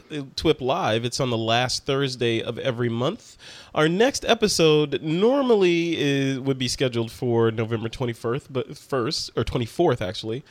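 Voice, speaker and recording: A man of middle pitch hosts a podcast in a casual, upbeat way, closing the show with announcements. His voice sounds dry and close, with no room around it. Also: dry recording. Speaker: podcast host.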